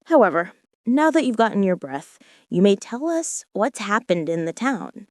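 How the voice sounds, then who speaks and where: A woman's voice: medium pitch, very animated, normal speed, darkish tone, no room sound, studio quality, natural voice. A woman voicing a fretful, fussy old king in a storybook reading. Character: fussy, faint-hearted old male king. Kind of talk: storybook character voice.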